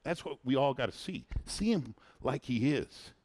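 A man talking in a lively, preachy way on a faith-centered show. He hammers his points by saying them again and again. His pitch sits in an ordinary middle range. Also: normal speed. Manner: animated, preachy, repeats phrases for emphasis. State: married, has a son. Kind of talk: casual faith-based chat.

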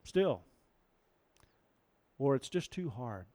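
A man's voice: medium pitch, very animated, slow, dark tone, no room sound. Storytelling male preacher, dry sound. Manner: storytelling, asks the audience questions. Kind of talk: sermon.

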